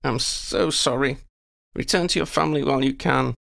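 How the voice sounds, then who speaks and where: Man putting on a bossy young woman, higher voice, raspy edges, dry close sound. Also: fairly even intonation, normal speed, fairly bright tone, dry recording. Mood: sorrowful. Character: young woman, determined leader.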